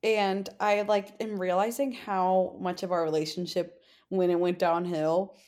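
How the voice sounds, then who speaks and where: A young woman with a somewhat low voice, chatting on a podcast. She talks in a relaxed, conversational way, full of "like". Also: measured pace. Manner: conversational, chatty with frequent fillers. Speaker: podcast co-host. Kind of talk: casual chat.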